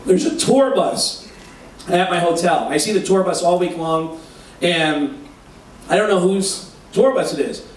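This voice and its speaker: A man doing stand-up on stage, telling an animated, profane story. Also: high voice, a little slow, a little hiss or hum. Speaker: stand-up comedian. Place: live show on a cruise ship. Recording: echoey hall from far off.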